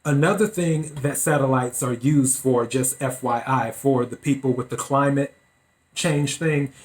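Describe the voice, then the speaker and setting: A man hosting his own podcast, giving deliberate, opinionated solo commentary. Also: mid-range voice. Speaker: podcast host.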